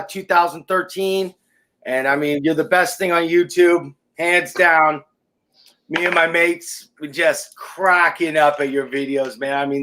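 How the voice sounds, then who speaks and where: A man's voice: on the high side, fairly bright tone. A man from San Francisco, chatting eagerly as a guest and gushing with praise. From San Francisco, Northern California. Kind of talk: casual guest chat.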